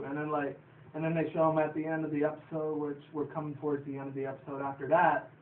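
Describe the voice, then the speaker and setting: A man's voice: on the high side, little pitch movement, fast talker, slight background noise. A man casually recapping a cartoon episode, rambling, swearing and laughing often. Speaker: show reviewer. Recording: tinny distant phone-like audio in an echoey room.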